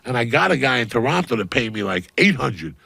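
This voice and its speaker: A man telling comic stories on a podcast, loud and profane, with punchy bursts and sudden shouts. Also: medium pitch, big pitch swings, brisk, gravelly, breathy edge, dry recording. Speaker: comedian guest on a podcast. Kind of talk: profane comic rant and storytelling.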